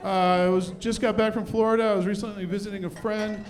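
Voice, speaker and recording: A man's voice: high-pitched, level tone, fast talker. A middle-aged man doing a self-deprecating stand-up comedy set on a club stage with a handheld mic. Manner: self-deprecating, punchy delivery.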